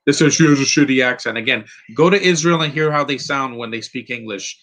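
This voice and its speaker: A man's voice: medium pitch, brisk, fairly bright tone, poor audio. A man giving a rambling, opinionated live commentary over a film, restarting his sentences often. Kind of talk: casual live movie commentary.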